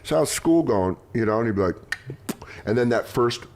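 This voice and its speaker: A man's voice: mid-range voice, lively intonation. A man hosting a podcast, telling rambling personal stories in casual chat and acting out quotes. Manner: rambling storytelling, quick vivid quotes. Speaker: podcast host.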